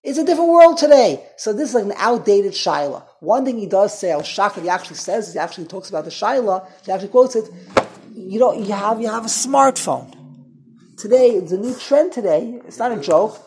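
High-voiced man giving a rambling class. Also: animated, fairly quick, a little mellow. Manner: rambling, self-interrupting, frequent restarts. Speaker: rabbi teaching a class. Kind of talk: informal Torah lecture to a small group.

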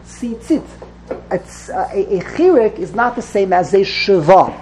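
Woman teacher, mid pitch, slow patient explanations, repeats words, faint noise in a classroom. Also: lively intonation, darkish tone, rough recording. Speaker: religious text teacher. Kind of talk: classroom text study. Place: classroom with students.

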